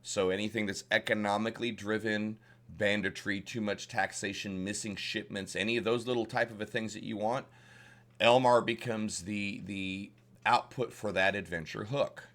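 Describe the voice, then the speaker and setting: An older man from the Southern United States, with a Southern accent and a lowish, fairly bright voice at normal speed and fairly even intonation, hosts a dungeon master tutorial. His casual instruction on running tabletop games is rambling and folksy, full of restarts and fillers.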